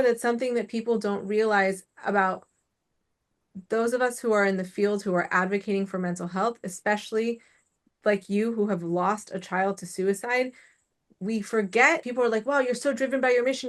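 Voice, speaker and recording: A young woman hosts the conversation in a casual, chatty way. Her pitch sits in the middle of the range, and her speech is full of "like" and "you know" as she works through her thoughts. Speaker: podcast host, suicide prevention educator. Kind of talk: casual interview chat.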